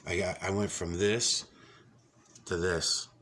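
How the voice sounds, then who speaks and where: A man vlogging casually from his computer desk, rambling, swearing often and getting excitable, with lots of fillers. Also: low-pitched, slow pace, slight background noise. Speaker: YouTube vlogger. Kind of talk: casual off-the-cuff vlog talk.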